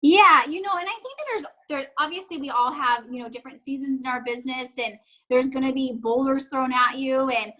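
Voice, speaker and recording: High, bright-voiced chatty woman. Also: poor audio. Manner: fast, chatty, full of "like" fillers. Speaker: guest, network marketing distributor. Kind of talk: casual interview chat.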